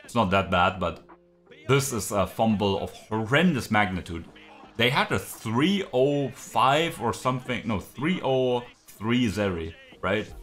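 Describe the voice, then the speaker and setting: A man's voice: on the low side, a bit bright. A man reacting live to an esports match, frustrated, swearing, ranting with lots of fillers. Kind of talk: live game reaction commentary.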